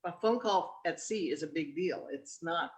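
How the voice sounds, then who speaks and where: A woman's voice: low-pitched, normal speed. A woman author in casual chat over a video call, thoughtful and rambling, with many restarts. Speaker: guest author.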